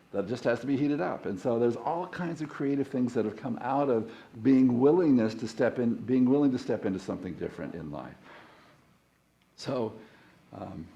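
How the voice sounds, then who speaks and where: A man's voice: mid-range voice, warm tone. A middle-aged man, a guest minister, preaching a conversational sermon and leading the congregation in repeating phrases. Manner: conversational, self-deprecating, leads call-and-response.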